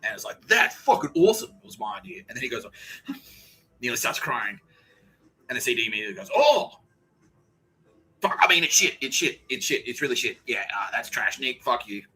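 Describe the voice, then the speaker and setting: A man's voice: mid-range voice, steady tone, fast talker, sharp tone, breathy edge, poor audio. A man hosting a podcast, telling a profane, ranting story and acting out other people's lines in brief voices. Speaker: podcast host. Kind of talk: casual podcast monologue.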